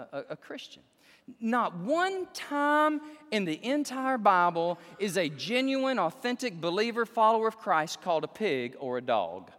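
A man preaching a sermon, animated and exclaiming, joking with the congregation. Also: a little high. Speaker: pastor. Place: church sanctuary. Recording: long hall reverb.

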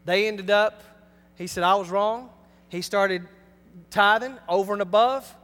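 A male pastor delivering an emphatic sermon, swinging between loud and hushed. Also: sits high, measured pace. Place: church sanctuary. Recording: long hall reverb.

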